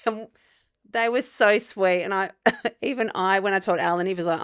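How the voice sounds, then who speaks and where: A woman tells stories on a casual podcast. She is frank and animated, and she swears and laughs easily. Her voice is smooth and resonant, recorded close and dry. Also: medium pitch, normal speed, dry recording. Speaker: podcast co-host. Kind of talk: casual chat.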